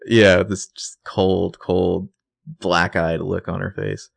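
A man's voice: low voice, little pitch movement, slow, creaky, no echo. A man co-hosting a podcast, recapping a TV episode in laid-back, jokey casual chat.

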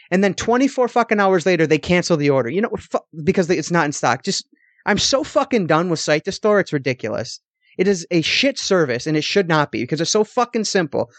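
A young man with a slightly high voice rants through a profane story on a podcast. He is exasperated, quick to swear and carried along by his own telling. The sound is dry and close, with almost no room. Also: dry recording. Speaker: podcast co-host. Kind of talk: casual chat.

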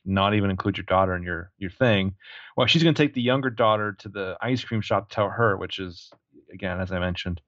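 A man's voice: lowish voice, dry recording, muffled recording. Sarcastic profane man reviewing a movie. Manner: sarcastic, profane, laughs often. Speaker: podcast co-host. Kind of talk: casual movie review chat.

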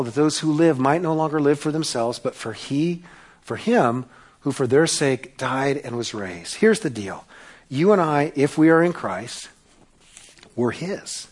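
A man preaching a sermon as pastor, emphatic and repeating key words, swinging from loud to hushed. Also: medium pitch.

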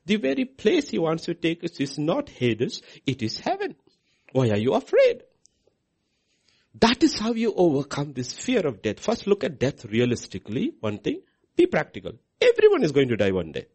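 A male pastor delivers a sermon in a husky voice. His pitch leaps wildly from low murmurs to high, ringing cries. He repeats lines for emphasis and drops some to a near whisper. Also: wildly swooping pitch, moderate pace. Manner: preaching with big swings between soft and shouted lines.

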